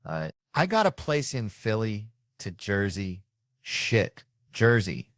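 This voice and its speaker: A man trading playful, boastful jokes in a fairly low voice. His voice sounds dry and close, with little room sound. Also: big pitch swings, slow, a bit bright, dry recording. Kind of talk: joking banter.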